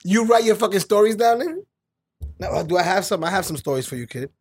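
High-voiced New man, teasing and profane. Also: lively intonation, fast talker, slightly rough. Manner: teasing, profane, heated sports rants. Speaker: podcast co-host. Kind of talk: casual chat.

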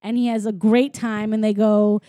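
A woman's voice: medium pitch, level tone, normal speed, dark tone, no echo, studio quality. A woman casually retelling a film's plot as a podcast co-host, chatty and full of fillers. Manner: chatty, lots of filler and quoted voices.

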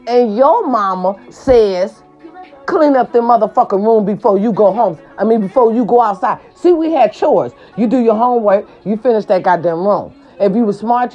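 A woman, hosting a casual monologue and scolding her viewers in a brash, profane way, with her voice jumping high for emphasis. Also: warm tone. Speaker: host of a talk segment. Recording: slightly dull lo-fi sound.

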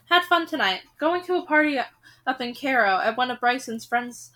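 A woman's voice: lively intonation, normal speed. A woman reading a young adult novel aloud chapter by chapter, doing the characters' lines in her own voice. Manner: breaks off reading to rant, swearing and laughing; quiet, low-key aside after the break. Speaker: audiobook reader.

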